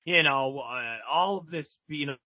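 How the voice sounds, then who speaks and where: A man quoting a seasoned male prison inmate who calmly explains how things go. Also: fairly high pitch, moderate pace, dry recording, dull audio, voice pushed down, close to an everyday voice. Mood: explaining.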